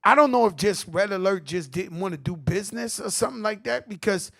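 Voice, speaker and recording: A middle-aged man with a New York accent, telling animated stories at a tribute panel, acting out quotes and swearing freely. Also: high voice, a little fast, creaky. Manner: animated street storytelling, acts out quotes, swears. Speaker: host.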